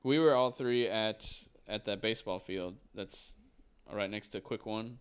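Young man, smooth clear voice, casual chat, sheepish, laughs often. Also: fairly low pitch, measured pace.

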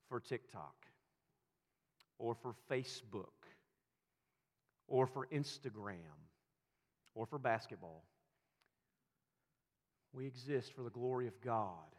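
A man's voice: medium pitch, fairly bright tone. A man preaching a sermon as pastor, building emphasis through repeated, rising phrases. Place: church sanctuary. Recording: long reverb of a church hall.

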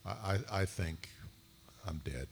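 A man's voice: sits low, animated, slow pace, gravelly, noisy background. A male actor on a convention panel, rambling casually with lots of fillers and restarts.

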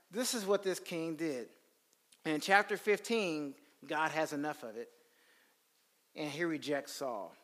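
Animated preacher man in a reverberant hall. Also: sits high. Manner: animated storytelling, slips into character voices. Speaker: Bible teacher. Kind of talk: lively classroom sermon with acted quotes.

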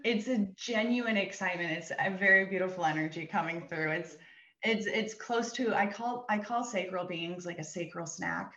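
A woman's voice: fairly low pitch, moderate pace, fairly bright tone, dull audio. A woman guest on a podcast, a coach talking casually with an affirming, enthusiastic manner.

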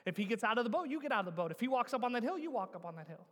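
A man in his thirties preaching with a high, ringing voice, pressing the congregation with rhetorical questions. He swings from loud urging down to hushed, heavy emphasis. The sound carries a long echo from a large church hall. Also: sing-song, racing. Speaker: pastor. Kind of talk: sermon.

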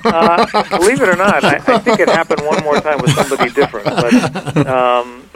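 A middle-aged man, a guitarist guest in a radio interview, telling stories in a relaxed, rambling way with many fillers and restarts. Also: a little high, normal speed, over a noisy crowd, poor audio. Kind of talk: casual interview storytelling.

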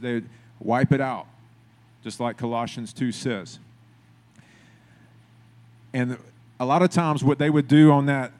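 A man's voice: medium pitch, darkish tone. A man preaching a sermon in a conversational way, building to emphatic, repeated phrases. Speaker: pastor.

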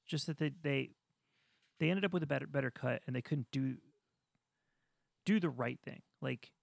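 A man co-hosting a casual podcast chat, ranting with animated energy and mocking studio executives in voiced asides. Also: mid-range voice, moderate pace, vocal fry, long pauses, dry recording. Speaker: podcast co-host.

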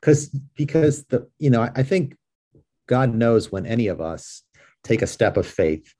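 A man's voice: medium pitch, sing-song, measured pace, dark tone, slight background noise. A man from New York, a guest in a casual interview, speaking earnestly with frequent restarts. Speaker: guest, ministry leader.

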